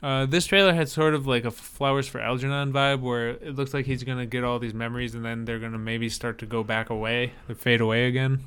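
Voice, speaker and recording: Podcast co-host, man, smooth clear voice, speculative banter. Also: medium pitch, fairly even intonation, a little fast, hardly any pauses, fairly bright tone. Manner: joking, speculative. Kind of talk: casual chat.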